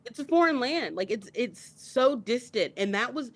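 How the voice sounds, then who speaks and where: A woman's voice: a little high, lively intonation, normal speed. Young woman podcast co-host, teary, intense casual chat. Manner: emotional, builds to tearful outbursts. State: crying.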